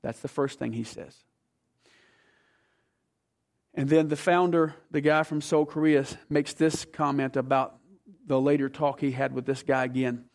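American pastor preaching a sermon. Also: male voice, medium pitch, fairly even intonation, normal speed, vocal fry, darkish tone. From United States. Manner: storytelling, urging the congregation to listen.

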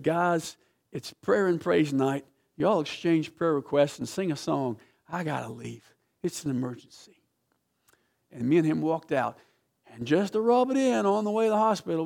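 A man preaching a sermon as pastor, telling a story with passion, swinging from loud to hushed. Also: on the high side, creaky. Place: church sanctuary.

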